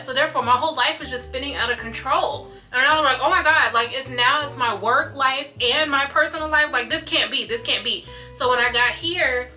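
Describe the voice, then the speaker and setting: A woman's voice: medium pitch, bright, forceful tone. A young adult woman vlogger in casual confessional chat, candid and rambling, often repeating herself. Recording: light guitar music behind.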